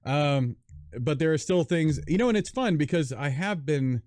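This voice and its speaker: A man's voice: on the high side, lively intonation, normal speed, a little mellow, no room sound, studio quality. A man hosting a casual livestream chat, telling stories with enthusiasm and frequent chuckles. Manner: enthusiastic storyteller, chuckles often. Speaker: stream host.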